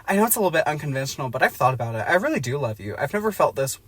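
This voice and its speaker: A woman voicing a young woman in love, pleading high and tearfully from a parked car. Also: very animated, very fast, husky, dry recording, heavily acted. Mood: earnest.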